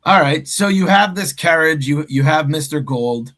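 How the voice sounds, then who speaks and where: A man hosting a podcast, asking a guest probing questions in a relaxed chat. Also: a little high, moderate pace. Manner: probing, affirming interviewer. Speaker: podcast host. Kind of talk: casual interview chat.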